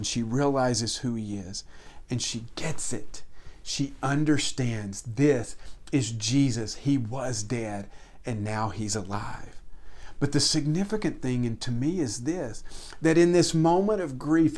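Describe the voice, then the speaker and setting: A pastor preaching a sermon with earnest, emphatic repetition, rising for stress and dropping to hushed tones. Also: male voice, mid-range voice.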